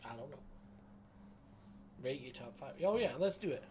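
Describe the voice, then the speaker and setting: A man in his late thirties co-hosts a sports podcast live stream from a home setup, drinking beer while he jokes, banters and riffs casually. His mid-range voice has lively intonation at normal speed, with background noise present.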